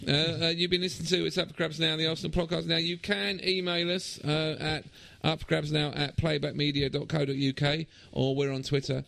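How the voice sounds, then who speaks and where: Wry man hosting, gravelly voice. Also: fairly high pitch, little pitch movement, a little fast, hardly any pauses, a bit bright, no echo. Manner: wry, joking storyteller. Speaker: podcast host. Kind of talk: casual banter about football.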